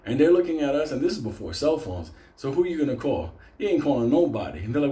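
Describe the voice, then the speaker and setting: A man casually telling a story, animated and swearing constantly. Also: medium pitch, quick pace, echoey room.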